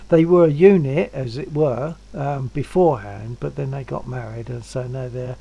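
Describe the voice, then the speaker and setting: A man's voice: mid-range voice, moderate pace, vocal fry, dark tone, slightly rough, muffled recording. A man hosting a casual stream chat in an easygoing, chatty way.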